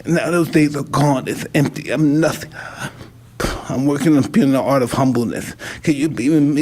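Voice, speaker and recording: A man's voice: on the high side, moderate pace, dark tone. A man in his fifties, a retired boxer talking on a podcast, rambling and intense, often breaking off mid-sentence. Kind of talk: emotional conversation.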